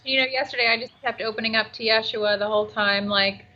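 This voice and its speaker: A woman's voice: fairly high pitch, fast. Laughing woman medium on lo-fi audio. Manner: animated, laughing often, relaying messages. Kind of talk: casual chat. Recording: dull lo-fi audio.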